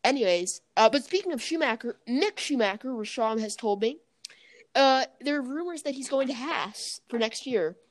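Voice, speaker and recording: Chatty woman podcast host, quick laugh. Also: a little high, lively intonation. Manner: chatty, self-correcting, laughs often. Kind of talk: casual chat.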